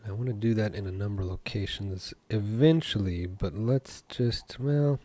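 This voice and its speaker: A man, a game developer, talking through his code as he works, thinking aloud with pauses and fillers. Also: on the low side, dark tone. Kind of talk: live coding commentary.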